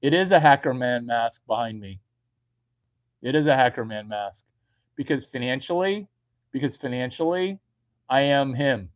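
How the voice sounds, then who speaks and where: A man's voice: mid-range voice, expressive, moderate pace, long pauses. A man, a comedian, giving a crude, rambling comedic monologue to online viewers and repeating his punchlines. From United States.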